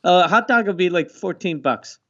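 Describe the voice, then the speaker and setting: A man's voice: high voice, expressive, moderate pace, bright, forceful tone, lo-fi sound. A man co-hosting a comedy podcast, telling profane, laid-back stories in casual chat. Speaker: podcast co-host.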